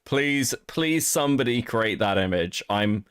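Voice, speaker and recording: Male co-host, mid pitch, dry close mic, casual cursing commentary. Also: expressive, measured pace, a bit bright, clear, resonant tone, dry recording. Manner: profane, incredulous and laughing.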